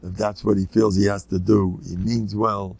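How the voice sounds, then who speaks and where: Older rabbi guy telling stories, husky gravelly voice, dry mic, tosses in yiddish words. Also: little pitch movement, normal speed, no room sound. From United States. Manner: rambling anecdotal storytelling with Yiddish and Hebrew words; acts out children's voices in high squeaks. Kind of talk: informal Torah lecture.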